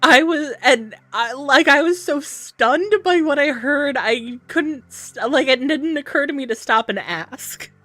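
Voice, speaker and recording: A woman's voice: high voice, lively intonation, unhurried, hardly any pauses, fairly bright tone, dry recording. A woman streamer chatting casually while gaming, telling stories and laughing often. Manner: giggly, chatty storyteller.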